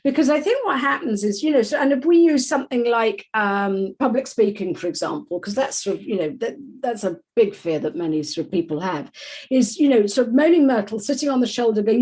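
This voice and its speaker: Brief: woman, parenting coach guest, fairly high voice, chatty, filler-heavy, voices little inner critics mid-sentence. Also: lively intonation, a little fast, darkish tone, low-quality recording. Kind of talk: conversational podcast interview.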